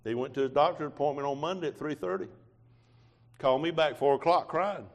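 A preacher, telling a sermon testimony in a folksy storytelling way with quoted dialogue. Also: male voice, fairly high pitch, fairly quick.

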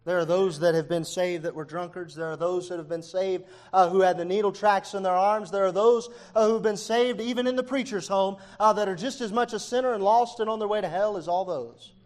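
High-voiced fervent preacher man. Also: fairly even intonation, brisk, hardly any pauses. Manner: fervent, swings from hushed to near-shouting; frequent "uh" fillers. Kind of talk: sermon.

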